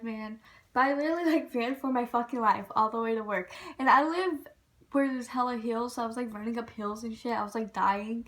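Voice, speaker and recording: A woman's voice: on the high side, brisk. A young woman, telling a casual, frank and profane storytime vlog about getting fired. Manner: frank, profane, animated retelling.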